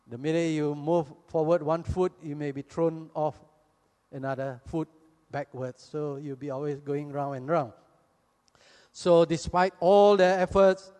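High-voiced preacher, slow sermon. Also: male voice, a little mellow. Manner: acts out the people in the story as he retells it. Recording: long reverb from a hall.

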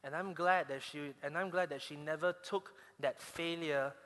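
Man, Malaysian English accent, sermon, animated storyteller, restarts a lot, reverberant hall. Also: on the high side, moderate pace. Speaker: preacher.

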